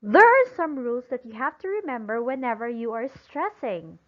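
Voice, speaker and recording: A woman teaching an English lesson slowly and emphatically, pausing for imagined answers and praising them. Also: on the high side, lively intonation. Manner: praising and drawing out example words. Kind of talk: recorded classroom-style lesson. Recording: dull lo-fi sound.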